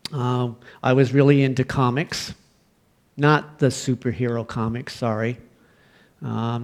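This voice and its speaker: A middle-aged man with a Canadian accent delivers a sermon. He moves from a relaxed storytelling tone to loud, emphatic preaching, and his voice sits in an ordinary middle pitch. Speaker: pastor.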